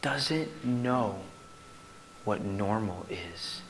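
A male pastor preaching a sermon to his church in an animated way, swinging from loud to hushed. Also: on the low side, drawn-out words, a little hiss or hum.

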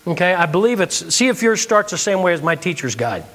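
A man's voice: high-pitched, big pitch swings, a little fast, a bit bright, big-room sound. A man preaching a sermon from the United States, telling a story and acting out the dialogue.

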